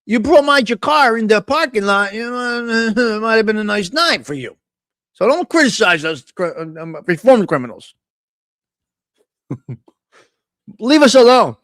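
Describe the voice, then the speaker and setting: A middle-aged man with a New York-area accent hosts a live morning chat stream in a high-pitched voice, rambling through crude, joking banter. The sound is close and dry. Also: sing-song, unhurried, long pauses, a bit bright, dry recording. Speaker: host of a live morning talk show.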